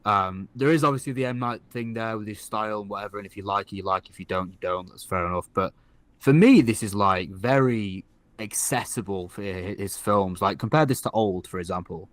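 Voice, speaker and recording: Male host, quick and chatty, low voice, dry close recording. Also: no echo. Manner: quick, chatty, hands off to others. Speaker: podcast host. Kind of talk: casual film review chat.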